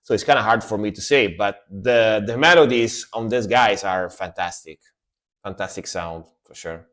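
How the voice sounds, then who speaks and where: A man's voice: lowish voice, moderate pace, a bit bright. A man from Italy, chatting casually and rambling as he reacts to metal songs on a live stream, often repeating himself. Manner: rambling, repeats words, laughs easily.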